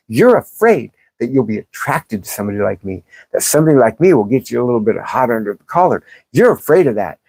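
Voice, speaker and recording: A woman's voice: sits low, a little mellow, husky, no room sound. A woman hosting a livestream, reading chat comments and answering them in a blunt, profane, sarcastic way. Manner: combative, sarcastic, calls out commenters. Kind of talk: live-stream commentary.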